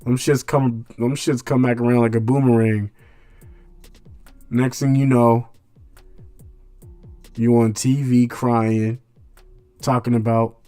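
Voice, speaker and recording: A man's voice: medium pitch, unhurried, long pauses, dark tone, no room sound, clean studio sound, faint music behind. A man hosting a radio show, delivering a blunt casual monologue in street slang full of rhetorical questions.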